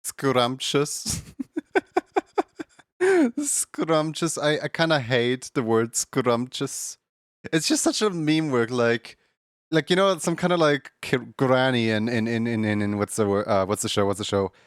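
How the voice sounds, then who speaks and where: A man's voice: mid-range voice, expressive, a little slow, clean tone, no echo, clean studio sound. Stammering man chatting on a live stream. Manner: stumbling, repeats words, laughs often. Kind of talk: casual live-stream chat.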